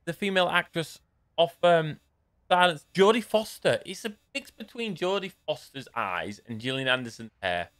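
Man, young adult, game streamer, chatty and rambling, jokey asides, bright tense voice. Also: on the high side, expressive, moderate pace. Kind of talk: casual live-stream commentary.

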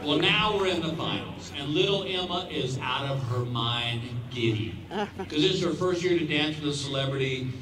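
A man in his fifties doing stand-up, telling a long story in a folksy way and quietly acting out the other people's lines. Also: fairly high pitch, lively intonation, moderate pace. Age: 50s. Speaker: stand-up comedian. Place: outdoor stadium stage. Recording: roomy, distant audience recording with crowd noise.

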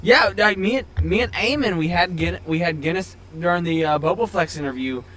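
A man's voice: sits high, brisk, fairly bright tone, slight background noise. A man hosting a casual beer-drinking chat, stammering as he asks questions.

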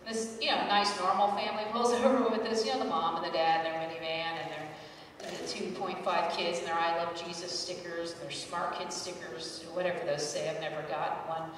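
Woman comic, forties, deadpan self-mockery, loud asides; live stage sound from a distance. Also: on the low side, brisk, a little hiss or hum. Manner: wry, self-deprecating storytelling with loud acted asides. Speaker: stand-up comedian. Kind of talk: stand-up comedy set. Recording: echoey hall, mic heard from afar.

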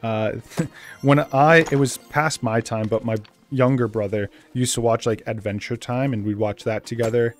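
A young man with a Boston accent, rambling casually as he hosts a game let's play and bursting into excitement now and then. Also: medium pitch, normal speed, faint music behind. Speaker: gaming channel host.

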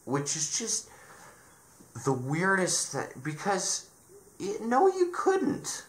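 In an echoey room, a man reviewing a show delivers sarcastic ranting commentary in a fairly high, sing-song voice, taking his time. Exasperated, he frequently starts his sentences over.

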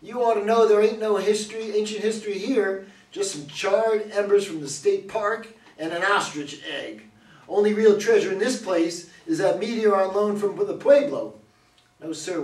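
A man reads a swaggering old cowboy huckster with a folksy drawl and a high-pitched voice. He is heard from across a roomy, echoing hall, as at a stage reading. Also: darkish tone. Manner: folksy drawl, hammy and salesman-like. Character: boastful older male cowboy running a roadside museum. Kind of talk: reader's theater stage reading. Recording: echoey hall from far off.

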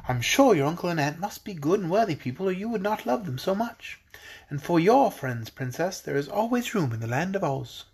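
A man's voice: high-pitched, sing-song, fairly quick, a little mellow, breathy edge, exaggerated voice. A man reading a storybook aloud, voicing a kindly fairy girl ruler who speaks in a gracious, formal way.

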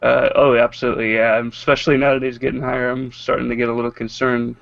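A man's voice: medium pitch, little pitch movement, fast, vocal fry, fairly bright tone, muffled recording. A man playing a tabletop game, talking in a dry, joking way. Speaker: player. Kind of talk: casual tabletop play.

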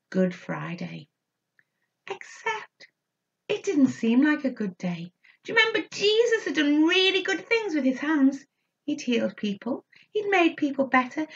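A woman telling a story to preschool children in an animated, sing-song way, inviting them to join in with actions. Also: a little high, dull audio. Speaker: children's church leader.

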